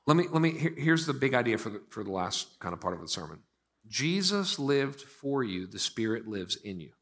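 A Pittsburgh pastor in his thirties delivers a sermon in a lower-pitched voice. He swings between loud, emphatic bursts and slow, quiet lines.

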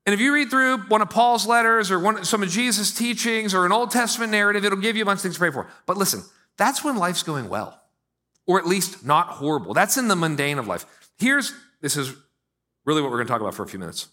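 A middle-aged male pastor preaching a sermon in a conversational way, with strong swings between loud and quiet. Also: high voice, animated, quick pace.

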